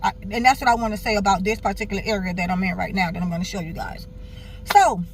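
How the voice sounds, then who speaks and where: A young woman talks straight to her viewers, candid and animated, her speech loose and full of asides. Her voice sits at an ordinary middle pitch. Faint traffic noise hums behind her. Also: quick pace. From Miami, Florida. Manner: animated, candid, swears freely, keeps addressing viewers. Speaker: vlogger. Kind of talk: casual personal storytelling.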